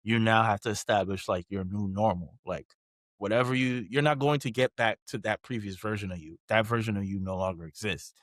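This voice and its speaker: A man co-hosting a podcast, talking in a relaxed, casual way with lots of fillers. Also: lowish voice, brisk, no room sound, studio quality. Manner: relaxed, conversational, many fillers. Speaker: podcast co-host. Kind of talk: casual chat.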